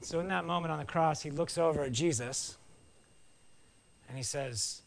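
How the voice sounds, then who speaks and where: A man preaching a conversational sermon, telling the story with animated delivery and wry asides. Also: on the high side, normal speed, creaky.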